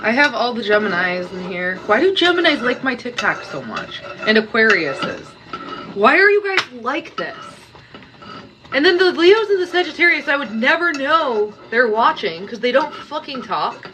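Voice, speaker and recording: Lively woman chatting while she cooks. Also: on the high side, moderate pace, noisy background. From Canada. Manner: chatty, teasing viewers, scolding playfully. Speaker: live streamer. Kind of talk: casual live-stream chat while cooking.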